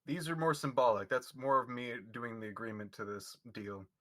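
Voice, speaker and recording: Male player, chatty, laughs easily, crisp bright tone. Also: mid-range voice, moderate pace, no room sound. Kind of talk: casual tabletop game play.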